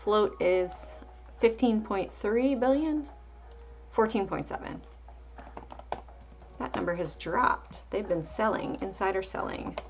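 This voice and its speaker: A woman's voice: medium pitch, takes it slowly, pauses often, noisy background. A woman hosting a casual live market stream, calling out price levels and chatting back to viewers. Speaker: livestream market host.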